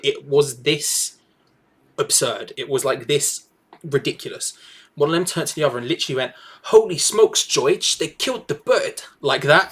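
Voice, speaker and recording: A young man co-hosting a football watch-along, chatty and teasing, telling animated stories. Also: mid-range voice. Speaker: co-host. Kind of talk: casual match watch-along chat.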